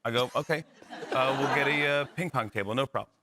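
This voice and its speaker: As a talk show guest, a middle-aged man tells a comic anecdote, animatedly acting out the voices of the people in it. His voice is medium-pitched and fast, with a noisy background.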